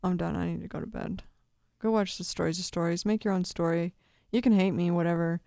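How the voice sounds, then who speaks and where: Mellow-voiced woman, rambling commentary. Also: on the low side, fairly even intonation, fairly quick, creaky, smooth, no echo, studio quality. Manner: rambling, swears constantly, laughs often. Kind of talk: casual video commentary.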